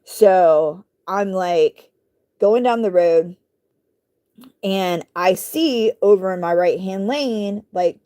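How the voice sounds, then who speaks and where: A woman vlogger telling a story in casual speech. She rambles with lots of fillers and asides and keeps clearing her throat. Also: medium pitch. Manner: rambling, animated retelling with many fillers and asides.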